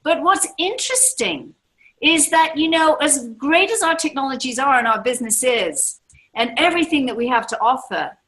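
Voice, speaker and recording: Bright, upbeat woman in her sixties. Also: high-pitched, animated, normal speed, low-quality recording. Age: 60s. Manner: enthusiastic, emphatic, repeats key phrases. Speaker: network marketing leader. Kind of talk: motivational seminar talk. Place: seminar room with a live audience.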